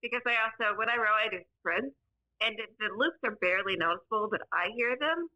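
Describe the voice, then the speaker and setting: A woman's voice: fairly high pitch, fast, bright, forceful tone, dry recording, poor audio. A woman from Kentucky with a faint Southern accent, a podcast guest chatting casually and poking fun at herself. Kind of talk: casual chat.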